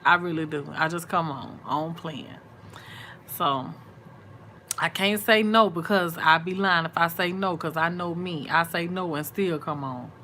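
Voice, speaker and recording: A woman's voice: on the low side, measured pace, sharp tone, slight background noise. A woman, sleepy and chatty, talking casually to viewers in a late-night live chat. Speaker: vlog host.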